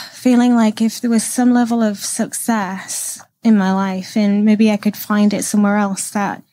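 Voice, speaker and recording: A woman from the United Kingdom talks openly in a relaxed interview, thinking aloud with frequent pauses and small fillers. Her voice sits at a middling pitch. The recording is close and dry. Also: dry recording. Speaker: podcast guest. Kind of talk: casual interview conversation.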